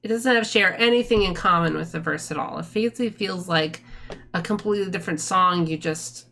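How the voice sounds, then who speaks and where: A woman's voice: lowish voice, a little fast, a little hiss or hum. A woman breaking down song melodies in a casual music theory talk, humming phrases to show them. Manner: hums and sings melody lines to explain them. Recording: music playing loudly behind the voice. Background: guitar music.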